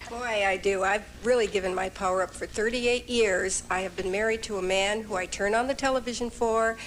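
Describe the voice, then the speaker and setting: A woman's voice: medium pitch, fairly even intonation, a little fast, low-quality recording. Middle-aged woman opening up at a seminar, blunt, some background hum. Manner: frank, self-critical. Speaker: audience member. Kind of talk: personal confession from the audience.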